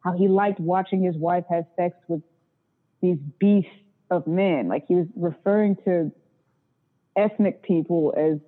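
A woman's voice: on the low side, measured pace. Woman, blunt, profane, casual storytelling, tinny narrow sound. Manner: blunt and profane, acts out callers' voices. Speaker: interview guest, phone sex worker.

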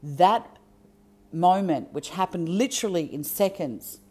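A woman telling a personal story out loud in an earnest, emphatic and heartfelt way. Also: on the low side, lively intonation, a little slow, breathy edge.

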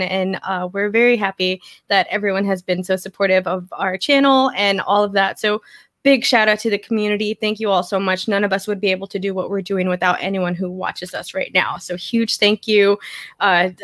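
A woman's voice: medium pitch, brisk, a bit bright, dry recording, clean studio sound. A woman co-hosting a livestream, thanking viewers with grateful enthusiasm. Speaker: co-host. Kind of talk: thank-you message on a livestream.

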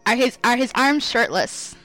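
A woman with a fairly high voice chats as a player in a tabletop game. She teases and jokes, often stammering and repeating herself as she speaks. Faint music sits behind her. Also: moderate pace, bright, forceful tone. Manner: playful, teasing, stammering restarts. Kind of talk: casual tabletop game chat.

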